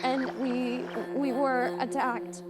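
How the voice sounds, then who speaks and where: A woman's voice: sits high, slow pace, loud music behind the voice. An actress playing a frightened woman who calls for help after an attack, breathless and pleading. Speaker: film character. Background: loud film score.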